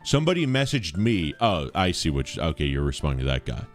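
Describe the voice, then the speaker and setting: A man's voice: extremely low pitch, sing-song, fast, faint music behind. A young man live-streaming, chatting casually with his viewers in a rambling, enthusiastic, slangy way.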